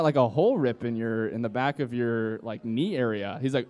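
A man's voice: mid-range voice, brisk, a little mellow. Man in his twenties telling a rowdy story. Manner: rambling, acts out voices of friends. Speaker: storyteller at a live comedy podcast. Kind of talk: live comedic storytelling. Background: live audience laughter.

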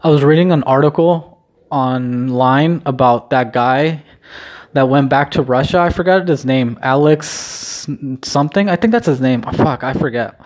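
A young adult man talking in a casual rambling vlog, halting and restarting often with many ums, swearing casually in a subdued, self-deprecating way. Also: mid-range voice, a little mellow. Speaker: vlogger.

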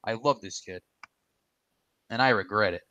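Blunt, bright-voiced man. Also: fairly low pitch, normal speed, no room sound, dull audio. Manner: blunt, emphatic and opinionated. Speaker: podcast co-host. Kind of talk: casual podcast chat.

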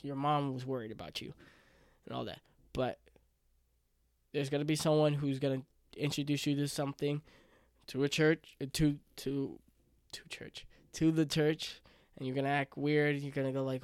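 This twentysomething podcaster has a clear, resonant mid-range voice, fairly even intonation and a moderate pace, on a dry, clean studio recording. Alone on the mic, he rambles earnestly, keeps restarting, and sometimes gets choked up.

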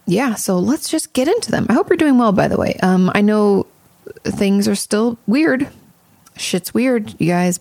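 A woman's voice: medium pitch, vocal fry, a little mellow, dry recording. A woman podcast host and therapist giving candid, chatty advice and swearing casually.

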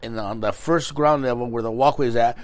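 A man co-hosting a podcast, telling a story in casual, animated chat, laughing often and swearing freely. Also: mid-range voice, fairly quick. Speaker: podcast co-host.

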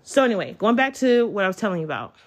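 A chatty woman tells her own story to listeners as a solo podcast host. She talks from home in an excitable, confiding way. Her voice sits at an ordinary middle pitch for a woman. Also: very fast. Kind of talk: personal storytelling monologue. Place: at home, child in the room.

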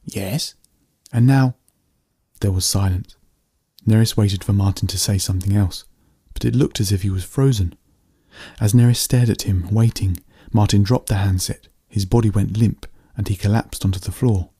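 Man reading a storybook, low pitch, husky, dark and mellow tone. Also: moderate pace. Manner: steady, plain narration. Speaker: narrator.

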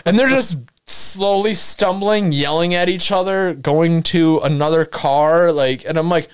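A man telling a story in casual chat, animated, laughing often and acting out quotes. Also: on the high side, measured pace, hardly any pauses, clear, resonant tone, no echo, clean studio sound. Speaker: podcast guest storyteller.

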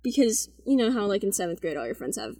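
A teenage girl telling anecdotes in casual chat, laughing through quick asides. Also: medium pitch, very animated, warm tone, breathy edge, dry recording. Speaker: guest storyteller.

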